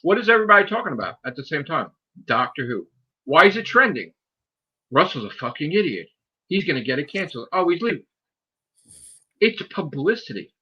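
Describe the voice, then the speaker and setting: A man hosting a podcast, ranting in a heated, profane way and mimicking people in high voices. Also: sing-song, a little fast, long pauses, sharp tone, breathy edge, muffled recording. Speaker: podcast host. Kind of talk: heated casual podcast rant.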